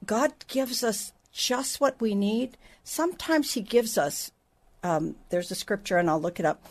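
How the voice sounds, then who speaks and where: A woman's voice: mid-range voice, a little slow. A middle-aged woman teaching the Bible on a faith podcast, in a conversational way with asides and restarts.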